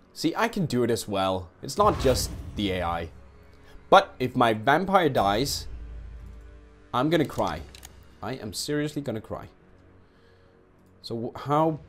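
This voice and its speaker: A man commentating a strategy game he is playing, cheering on his units and reacting loudly to each hit. His delivery is slow and unhurried, but his pitch leaps up and down as he gets excited. Faint game music plays behind him. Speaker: let's play streamer.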